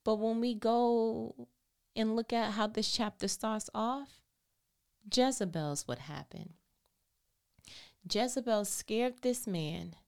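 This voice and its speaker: A woman podcast host reading Bible verses aloud and calling out verse numbers, then breaking into animated, playful commentary with casual slang. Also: mid-range voice, smooth.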